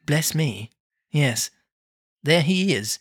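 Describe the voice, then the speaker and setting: Narrator doing old miser Scrooge, soft. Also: medium pitch, lively intonation, very slow, slightly rough, heavily acted. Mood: fond.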